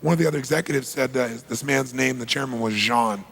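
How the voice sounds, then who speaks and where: A middle-aged man telling a story to an audience in an animated way, dropping to low asides and breaking into loud bursts. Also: quick pace, creaky.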